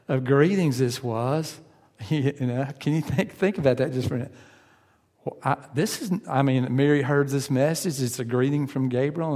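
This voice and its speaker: A man's voice: mid-range voice, darkish tone, big-room sound. A man preaching a sermon in a conversational way, asking his listeners questions and acting out their inner voices.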